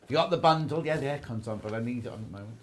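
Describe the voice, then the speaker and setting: Chatty TV shopping host. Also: male voice, medium pitch, very fast, slight background noise. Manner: chatty, rambling, teasing. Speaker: shopping channel presenter. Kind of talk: live TV sales chat.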